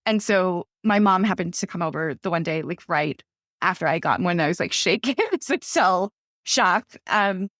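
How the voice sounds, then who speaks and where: A woman's voice: lowish voice, expressive, moderate pace, fairly bright tone, no room sound, studio quality. A woman author in her thirties, chatting casually in a podcast interview and telling stories with many "like" fillers. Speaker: author guest.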